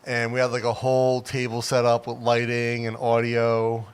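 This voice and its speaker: A man's voice: medium pitch, completely flat delivery, moderate pace, smooth. A middle-aged man hosting a casual livestream, chatty and rambling, with many fillers. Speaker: livestream host.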